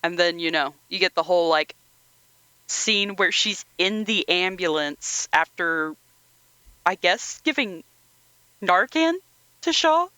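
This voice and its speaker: A chatty podcast co-host tells film scenes with big swings of expression, acting out every line in voices. The tone is bright and ringing, and the sound is close and dry with no room echo. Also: medium pitch, slow pace, long pauses, clear, resonant tone. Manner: animated, acts out scenes in voices. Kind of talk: casual chat.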